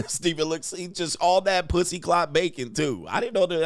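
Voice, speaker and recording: A man's voice: fairly high pitch, unhurried, no echo. Laughing man joking in a dry room. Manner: laughing, joking, loose slangy talk. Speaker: host reacting to videos. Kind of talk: casual reaction commentary.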